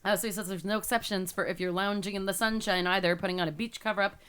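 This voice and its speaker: A woman's voice: mid-range voice, fairly even intonation, fast talker, a bit bright, clean tone. A woman co-hosting a casual talk show from a spare bedroom at home, reading odd news stories aloud with playful emphasis. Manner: teasing, reads headlines with playful emphasis. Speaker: radio show co-host. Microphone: home livestream setup.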